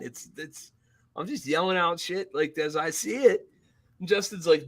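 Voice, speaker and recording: Man, podcast co-host, higher bright voice, animated and swearing while telling stories. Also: moderate pace. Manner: animated, profane, acts out others with a shouting voice. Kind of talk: casual chat, storytelling.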